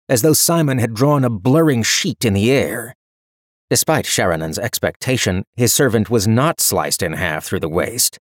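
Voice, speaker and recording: A man giving scripted narration of a fantasy story in a steady storytelling manner. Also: lowish voice, no room sound, studio quality.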